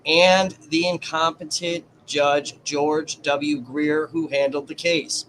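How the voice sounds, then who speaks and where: A man's voice: fairly high pitch, steady tone, slow, a bit bright, slight background noise, rough recording. Chatty man hosting a livestream. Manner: chatty, addresses viewers directly. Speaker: livestream host commenting on a trial. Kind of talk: casual livestream commentary.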